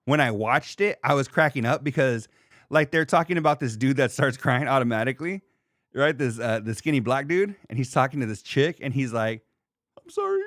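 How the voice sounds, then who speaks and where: A man in his thirties hosting a podcast in casual chat, animated and profane, reading comments from a live chat. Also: mid-range voice, fairly quick, no echo, studio quality. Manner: animated, profane, laughs and mimics people. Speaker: podcast host.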